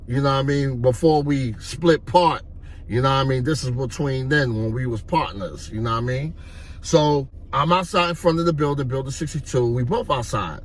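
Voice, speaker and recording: A man telling a story in loose, streetwise casual talk. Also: a little high. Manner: loose, streetwise, repeats "you know what I mean". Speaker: vlogger.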